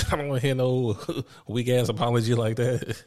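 A man hosting a casual podcast, relaxed and laid-back, who laughs easily. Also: medium pitch, normal speed. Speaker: podcast host. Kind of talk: casual chat.

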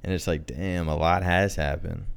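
A young man co-hosting a podcast, talking in a slow, reflective way and swearing often. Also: sits low, steady tone, vocal fry, clean tone. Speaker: podcast co-host. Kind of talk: casual chat.

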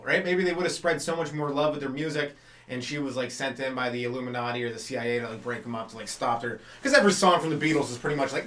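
A man's voice: mid-range voice, lively intonation, fast talker, a bit bright, distant mic. A man doing a loose, rambling stand-up monologue as a comedy podcast host, full of fillers and asides. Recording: echoey room, voice off the mic.

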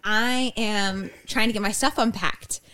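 A woman's voice: mid-range voice, steady tone, unhurried, bright, forceful tone, clean tone, no room sound. Woman, tired, giggly storyteller, casual podcast chat, dry close sound. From Texas. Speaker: podcast co-host.

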